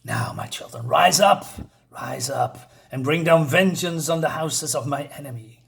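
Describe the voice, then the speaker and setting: A man voicing a vengeful young female vampire with a put-on Southern accent and a hushed, menacing drawl. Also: on the high side, unhurried, gravelly.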